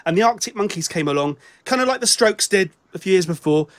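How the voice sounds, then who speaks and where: A man's voice: sits high, lively intonation, fast, a bit bright. A British man co-hosting a casual album-review chat over a remote call, rambling and self-mocking with lots of restarts. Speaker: podcast co-host.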